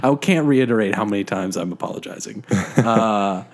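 A man's voice: fairly low pitch, normal speed. A man co-hosting a casual podcast from his living room, joking about himself and rambling with lots of fillers. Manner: self-deprecating, jokey, rambling with many fillers. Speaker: podcast co-host.

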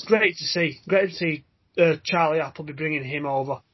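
A man's voice: a little high, brisk, muffled recording, a little hiss or hum. A man hosting a racing podcast, reading out runners and odds in a jokey way. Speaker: podcast host. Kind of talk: casual racing podcast chat.

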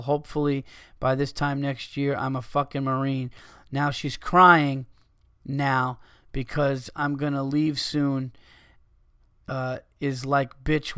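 A man's voice: mid-range voice, gravelly, fairly bright tone, no echo, studio quality. A man hosting a podcast, reading listener messages aloud in a loose, profane, casual way and stumbling over the text.

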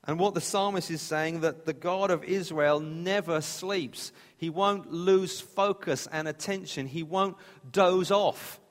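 Conversational preacher in a reverberant hall. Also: male voice, on the high side, unhurried. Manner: conversational, plain-spoken, with restarts. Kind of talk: sermon.

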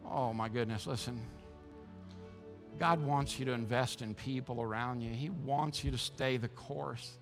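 A man's voice: medium pitch, a little slow, music in the background. A man preaching a sermon as pastor, impassioned and emphatic, often repeating words as he restarts.

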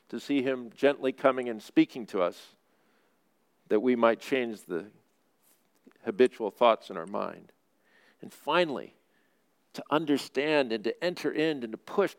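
A man's voice: medium pitch, smooth. A male priest preaching a sermon in an earnest, conversational storytelling way.

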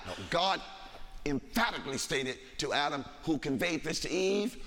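A man's voice: a little high, big pitch swings, moderate pace, fairly bright tone. A man preaching a sermon, reading scripture aloud with dramatic emphasis in a church sanctuary. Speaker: pastor. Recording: long hall reverb.

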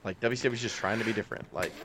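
Fast-talking, profane male podcast co-host. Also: on the low side, a little hiss or hum. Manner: profane, animated, acts out outbursts. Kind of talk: casual chat.

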